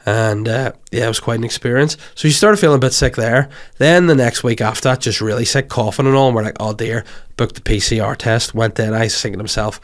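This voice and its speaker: A man's voice: mid-range voice, fast talker, hardly any pauses. Sweary Northern Irish man telling stories. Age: 30s. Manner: sweary, animated, rambling. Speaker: comedian podcast host. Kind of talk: comic storytelling monologue.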